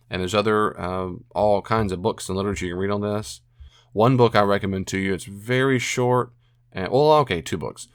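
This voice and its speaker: A man's voice: fairly low pitch, a bit bright, dry recording, studio quality. A man hosting a podcast, giving earnest Christian advice on anger and repeating phrases for emphasis. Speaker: podcast host answering a listener question.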